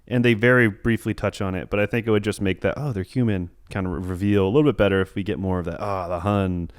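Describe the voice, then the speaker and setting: A man's voice: fairly low pitch, steady tone, racing, no room sound, clean studio sound. A man co-hosting a casual film podcast, rambling and hesitant as he works through his thoughts. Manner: rambling, hesitant, lots of fillers and restarts. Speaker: podcast co-host. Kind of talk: casual film review chat.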